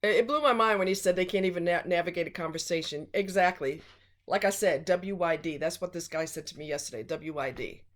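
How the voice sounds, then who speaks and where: A woman's voice: fairly low pitch, brisk. A woman vlogger giving blunt relationship advice in a casual, emphatic monologue.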